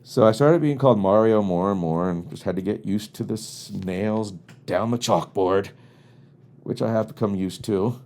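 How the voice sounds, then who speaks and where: A man with a fairly low, mellow voice hosts his own podcast solo from a home studio in Los Angeles, speaking at a moderate pace. Raised on the US East Coast, he delivers a casual comedic monologue of rambling, wry stories with mock exasperation, keeping things loose.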